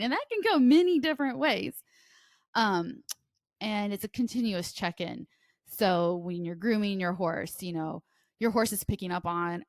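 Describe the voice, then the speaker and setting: A woman talks quickly and a little nervously, piling up fillers and restarting her sentences. Her voice sits in a middle range. The sound is dry and close to the mic, with no room around it. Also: mid-range voice, no room sound. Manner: fast, restless talk with many fillers and restarts. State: nervous and sweaty. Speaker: podcast co-host. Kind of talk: casual podcast chat.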